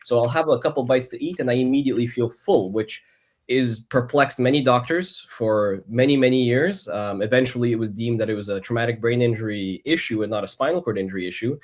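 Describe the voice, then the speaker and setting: A Canadian man with a mid-range voice appears as a podcast guest, recounting his own story. He speaks reflectively and with measured care, often restarting his sentences.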